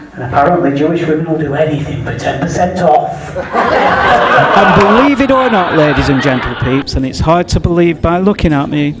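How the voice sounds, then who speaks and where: Bawdy stand-up comic from northern England. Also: male voice, fairly high pitch. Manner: bawdy punchy one-liners with laughing. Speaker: stand-up comedian. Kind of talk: stand-up comedy set. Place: comedy club stage. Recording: echoey club from far off with audience.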